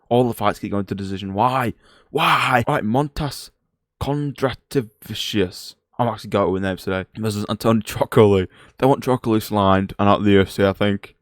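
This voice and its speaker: A man's voice: fairly low pitch, dry recording, studio quality. A young man with a rambling, chatty manner, giving casual fight predictions on a vlog and questioning himself aloud. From Britain. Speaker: MMA YouTuber.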